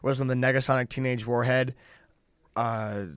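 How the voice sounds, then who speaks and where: A man's voice: mid-range voice, level tone, moderate pace, fairly bright tone, clean tone, no echo. A young man co-hosting a podcast in casual chat. He talks in long, run-on asides and laughs easily. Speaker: podcast co-host.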